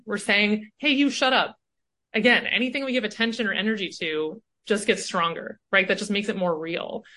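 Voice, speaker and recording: A woman speaking as a coach and podcast guest in casual conversation. She is animated and keeps tagging her points with "right?". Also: on the low side. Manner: animated, often tags "right?".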